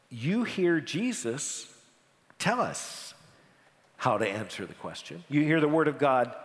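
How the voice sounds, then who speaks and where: Animated preacher in a reverberant hall. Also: male voice, on the high side. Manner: animated, dramatic pauses, repeats words when emphasizing. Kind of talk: sermon.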